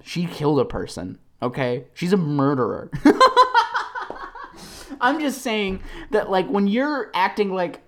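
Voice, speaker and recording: A podcast host ranting solo, rambling with many fillers and laughs, swinging between low mumbles and loud animated bursts.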